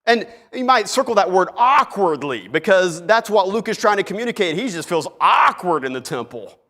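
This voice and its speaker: Animated preacher in a reverberant church. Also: male voice, high voice, moderate pace. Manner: animated storytelling, acts out characters. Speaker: pastor. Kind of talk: sermon. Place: church sanctuary. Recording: long hall reverb in church.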